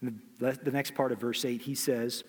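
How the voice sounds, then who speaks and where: Preacher in a reverberant hall. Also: male voice, mid-range voice, little pitch movement, moderate pace, husky. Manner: storytelling with rhetorical questions. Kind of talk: sermon.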